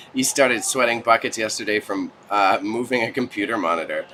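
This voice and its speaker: A young man talks casually to his live chat from an indoor studio set, laughing easily and joking along. His voice is fairly low but bright and forceful. A faint hum of room ambience sits behind him. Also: moderate pace. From Canada. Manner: chatty, laughs often, jokes with chat. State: sweating under studio lights. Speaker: livestream host.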